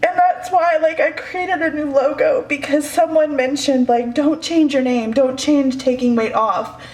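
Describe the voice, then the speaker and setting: A woman's voice: sits high, fairly even intonation, unhurried, darkish tone. A woman in her thirties, speaking candidly and emotionally in a personal vlog at home, often sighing. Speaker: vlogger. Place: home, indoors. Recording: echoey room.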